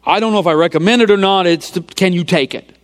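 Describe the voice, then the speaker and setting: A man with a noticeably high voice delivers a storytelling sermon, walking his listeners through a film scene by scene. He is animated in his retelling and sinks into hushed near-whispers to drive points home. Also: fast.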